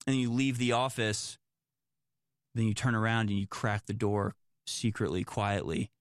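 A man's voice: on the low side, fairly even intonation, a little slow, no echo, studio quality. A man commenting on the news, reading reports aloud and reacting in a sarcastic, exasperated, rambling way. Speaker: political commentator.

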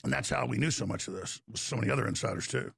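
A man's voice: medium pitch, rapid-fire, fairly bright tone, no room sound, studio quality. A man with a Texas accent hosting a show, rambling emphatically and calling his listeners folks. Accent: Texan. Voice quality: gravelly. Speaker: talk show host. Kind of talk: rambling talk monologue.

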